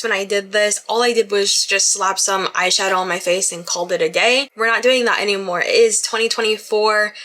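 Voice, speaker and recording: A woman's voice: mid-range voice, bright, forceful tone, slight background noise. A young woman chatting casually through a makeup tutorial in her bedroom, apologizing often and laughing at herself. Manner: chatty, apologetic, self-deprecating. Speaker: beauty vlogger.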